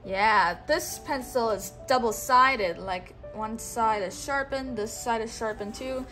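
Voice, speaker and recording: A woman teaching a child one-on-one, speaking slowly and patiently and repeating words for the child to say back. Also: on the high side, sharp tone, faint music behind. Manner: slow, coaxing, repeats words for the child to echo.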